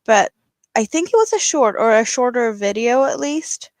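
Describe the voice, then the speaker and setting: A woman's voice: on the high side, expressive, moderate pace, dry recording. A woman in casual chat, recounting something she saw in a rambling way, full of "like". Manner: rambling, many "like" fillers.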